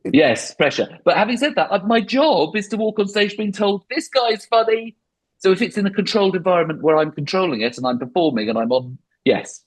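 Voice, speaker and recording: Animated, husky middle-aged man rambling. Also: sits high, a little fast, hardly any pauses, poor audio. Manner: rambling, self-deprecating, animated. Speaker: comedian guest. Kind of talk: podcast interview.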